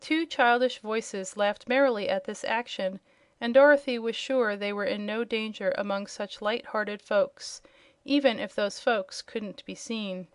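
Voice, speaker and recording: A woman narrating a children's audiobook chapter in a clear, steady storytelling voice. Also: mid-range voice, a little slow, no echo, clean studio sound.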